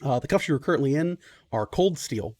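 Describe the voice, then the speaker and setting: A man narrating a tabletop game as the game master, describing scenes with frequent pauses and restarts. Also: mid-range voice, animated, darkish tone.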